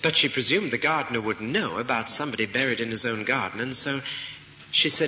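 A man preaches with a very bright, sharp-edged voice, reflecting aloud and posing rhetorical questions. The recording is muffled and lo-fi, with a faint hiss underneath. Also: medium pitch, a little fast. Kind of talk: expository sermon.

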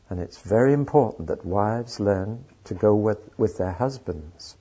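Brief: male preacher, very husky and mellow, dry wit, dull lo-fi tape sound. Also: lowish voice, expressive, moderate pace, hardly any pauses. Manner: dry humor, storytelling. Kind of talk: sermon with anecdotes. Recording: dull lo-fi recording.

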